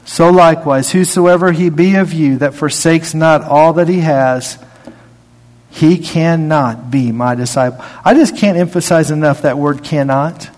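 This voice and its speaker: A man preaching a sermon in a conversational way, reading scripture aloud and rising in pitch to stress his points. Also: measured pace, darkish tone. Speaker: pastor. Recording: long hall reverb.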